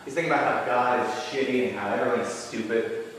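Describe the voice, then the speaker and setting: A man's voice: medium pitch, fast talker, a little hiss or hum. Comedian guy retelling a book on stage, laughing and mocking, roomy echo, a bit far off the mic. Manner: sarcastic, laughing, swings from mumbled asides to shouted lines. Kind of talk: stand-up storytelling.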